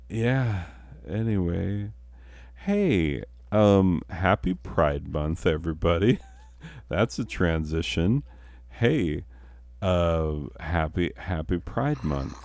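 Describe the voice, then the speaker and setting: Deep-voiced, slow, swearing dad. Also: male voice, lively intonation, a little mellow, no echo. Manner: profane, self-mocking, laughs often. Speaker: father. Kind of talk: casual storytelling while playing a game.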